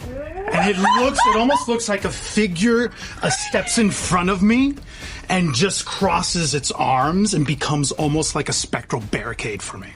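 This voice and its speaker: A man's voice: high voice, expressive, unhurried, background noise. A man playing a tabletop game, describing his character's actions in a descriptive, slightly hesitant way. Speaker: player.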